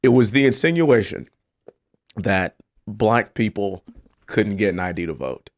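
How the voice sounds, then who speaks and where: Emphatic man with a lively voice. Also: unhurried. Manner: earnest, emphatic, storytelling; lively, swings between low serious tones and high exclaiming. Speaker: congressman, guest. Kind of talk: casual podcast conversation.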